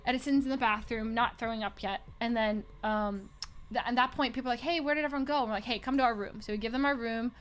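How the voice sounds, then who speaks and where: A young woman streamer telling a story in casual chat, animated, laughing often and acting out quotes. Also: a little high, fast talker, a little hiss or hum.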